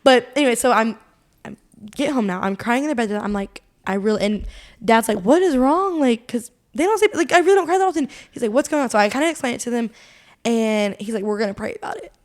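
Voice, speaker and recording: Young woman, podcast co-host, quick and high, chatty and rambling. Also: animated. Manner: rambling storytelling full of "like" fillers and laughs. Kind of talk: casual chat.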